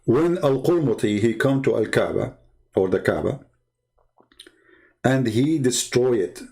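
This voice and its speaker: A man's voice: mid-range voice, animated, unhurried, warm tone. A man hosting a show, talking in a mocking, sarcastic monologue full of heated rhetorical questions. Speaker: show host. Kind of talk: monologue commentary.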